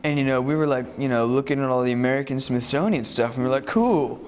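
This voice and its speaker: A man's voice: mid-range voice, fairly even intonation, rapid-fire, slight background noise. A man vlogging, telling a casual story in a rambling way, full of "you know" and "like".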